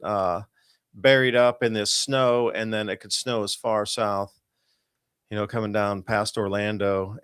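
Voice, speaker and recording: A man hosting a live podcast comments over weather forecast charts, guiding his listeners through them. His middle-pitched voice is smooth, his delivery urgent and emphatic, and he rambles, frequently starting sentences over.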